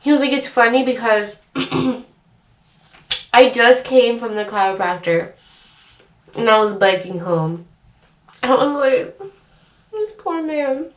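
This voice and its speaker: A woman's voice: fairly high pitch, a little slow, pauses often. Chatty young woman, roomy and distant. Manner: chatty, animated, many fillers. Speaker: vlogger. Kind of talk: storytime chat. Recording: roomy echo, distant mic.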